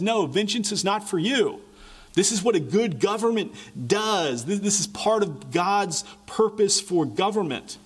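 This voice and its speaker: Earnest, fairly high-voiced male preacher. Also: breathy edge. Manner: earnest, rhetorical questions to the congregation; repeats words when building a point. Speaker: pastor. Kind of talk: sermon.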